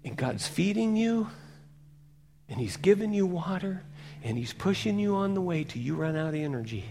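A male pastor preaching a sermon, telling a story dramatically and swinging from loud emphasis to hushed near-whispers. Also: on the high side, lively intonation, normal speed, vocal fry, soft background music.

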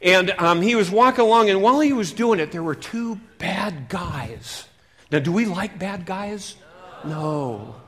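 A male preacher telling a Bible story in a lively, interactive way, asking his listeners questions as he goes. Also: high voice, a little slow. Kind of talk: storytelling sermon.

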